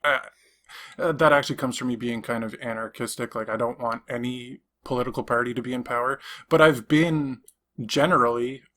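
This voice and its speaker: A man's voice: mid-range voice, fairly even intonation, brisk, bright, forceful tone. A young man from Canada, co-hosting a podcast in casual chat, rambling through stories with many restarts. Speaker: podcast co-host.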